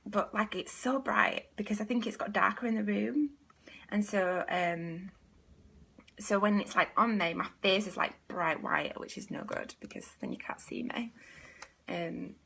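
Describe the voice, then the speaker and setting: A woman's voice: medium pitch, creaky, pushed and bright, slightly rough. A woman hosting a casual live stream as a business coach, chatty and rambling, with many fillers and half-whispered asides.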